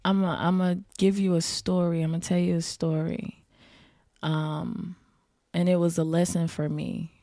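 A woman's voice: lowish voice, little pitch movement, normal speed, dark tone, dry recording, studio quality. A woman guest on a podcast telling a personal story in a vivid, casual way, turning to the listeners with y'all.

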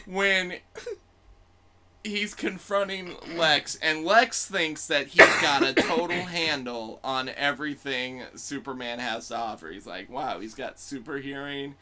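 A man's voice: fairly high pitch, slow, background noise. A man chatting casually and playfully about comic books as a podcast host. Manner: playful, jokey, animated.

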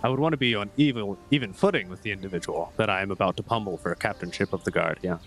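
A man playing a tabletop game, stating his actions with small halting restarts. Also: fairly low pitch, fairly bright tone. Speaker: player. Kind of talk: in-character tabletop play.

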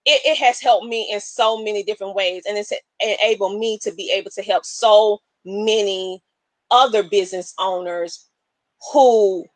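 A woman's voice: mid-range voice, no room sound. A woman hosting a live stream, talking casually, emotional and preacher-like. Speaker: live show host. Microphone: webcam.

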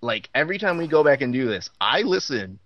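A man's voice: medium pitch, sing-song, fairly quick, dry recording, dull audio. A man hosting a podcast, giving a sarcastic, profane comedic recap of a TV episode. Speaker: podcast host recapping a show.

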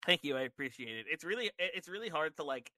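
Fast and sing-song, with a sharp tone and a fairly high pitch, this podcast co-host chats casually while recapping a wrestling show step by step, full of fillers. There is no echo, though the audio quality is poor.

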